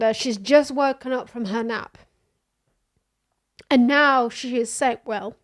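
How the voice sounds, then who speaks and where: A woman streamer reading news aloud in casual commentary, sarcastic and often laughing. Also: on the high side. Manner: sarcastic, laughing, reads quotes mockingly.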